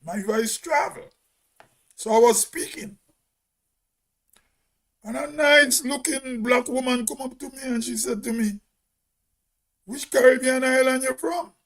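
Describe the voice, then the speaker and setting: A man with a Grenadian accent giving an emphatic opinion monologue as host, with a big, loud voice and rhetorical questions. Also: extremely high pitch, steady tone, unhurried, pauses often.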